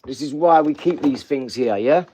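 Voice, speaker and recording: A man's voice: mid-range voice, moderate pace, dark tone, slight background noise, poor audio. Male vlogger, blunt, rambling, talks straight to the viewer. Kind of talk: casual rambling vlog talk.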